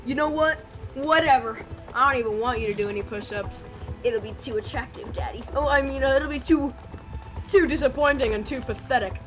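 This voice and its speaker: A woman's voice: high voice, fairly quick. A young woman streamer chatting casually, playful and mock-bossy, swearing and hurling silly insults. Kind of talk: casual chat. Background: music.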